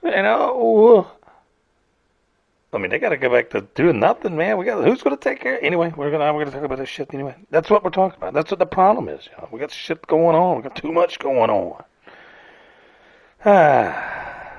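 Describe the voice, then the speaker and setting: A gravelly-voiced man rants casually, rambling and swearing as he jumps between topics. His pitch swings up and down a lot. The sound is close and dry, with no room around it. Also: very animated, moderate pace, pauses often, no room sound. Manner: rambling, profane, self-mocking. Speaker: podcast host. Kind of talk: casual rant.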